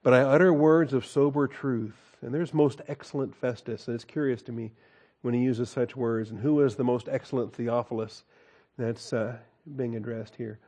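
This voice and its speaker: A man leads a Bible study in a dark, mellow voice. He reads scripture aloud and then adds folksy, conversational asides, often with a chuckle. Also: mid-range voice, fairly even intonation, moderate pace. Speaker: Bible teacher.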